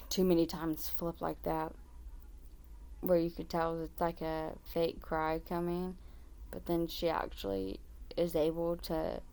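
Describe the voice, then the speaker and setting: A woman gives critical reaction commentary, her voice low and gravelly with a slow, unhurried pace. She sounds exasperated at what she is watching. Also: warm tone. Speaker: commentary host. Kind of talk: reaction commentary on a video clip.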